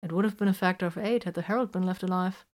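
A woman's voice: fairly low pitch, steady tone, rapid-fire, a little mellow, close to an everyday voice. A woman voicing a cheerful, unflappable young male warrior with a breezy, good-humored manner.

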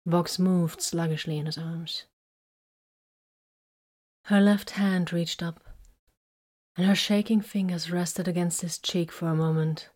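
A woman narrating a romantic story in a soft, intimate, often whispered reading. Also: fairly low pitch.

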